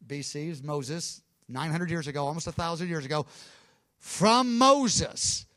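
A man preaching a Bible teaching, fervent and emphatic, with quick asides and self-corrections. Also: fairly high pitch, fairly bright tone, no echo. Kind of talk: sermon-style Bible teaching.

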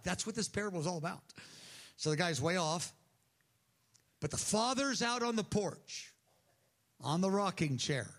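A man preaching a sermon, telling a parable in a lively, animated storytelling way and briefly acting out the people in it. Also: on the high side. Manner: animated storytelling, acts out characters' voices.

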